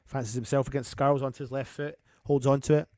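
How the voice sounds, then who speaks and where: Talking fast in a steady, medium-pitched voice with a darkish tone, an English fan channel host calls a live football match for his watchalong audience. He chats with viewers like a mate, reading their comments and stopping the commentary to greet them. The recording has no echo and is studio quality.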